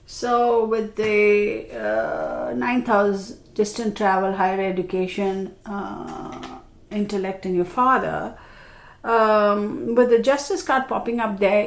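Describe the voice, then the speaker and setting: A woman's voice: mid-range voice, reverberant. A woman reading tarot cards. She sounds tired and congested from allergies, and she talks in a chatty, reassuring way with many fillers. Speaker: tarot reader.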